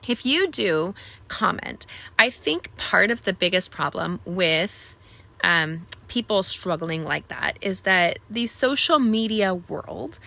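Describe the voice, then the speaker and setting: Chatty lady in her 40s hosting a live craft stream, bright voice, talks right to the camera. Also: medium pitch, creaky. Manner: chatty, bubbly, talks straight to viewers. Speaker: crafting channel host.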